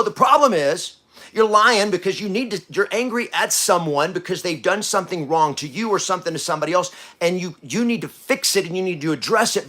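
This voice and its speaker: Male podcast host, fairly high voice, blunt preachy delivery, swings from hush to loud. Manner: coarse language, blunt. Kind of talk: motivational talk.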